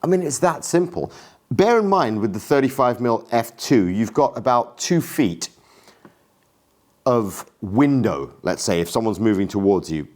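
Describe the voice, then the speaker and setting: A man's voice: medium pitch, very animated, unhurried, a little mellow. A man in a casual gear review vlog, talking enthusiastically and self-deprecatingly. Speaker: camera gear vlogger.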